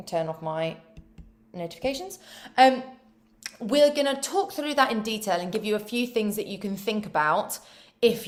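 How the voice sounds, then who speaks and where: A woman leading an online choir warm-up, giving voice exercises with playful, self-mocking asides. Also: mid-range voice. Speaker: choir vocal coach. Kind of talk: online vocal warm-up instruction.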